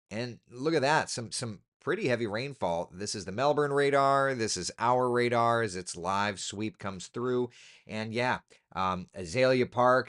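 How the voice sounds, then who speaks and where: A man, a TV meteorologist, chatting casually through the weather, relaxed and talkative with asides and fillers. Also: medium pitch. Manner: relaxed, chatty, thinking aloud with ums and asides.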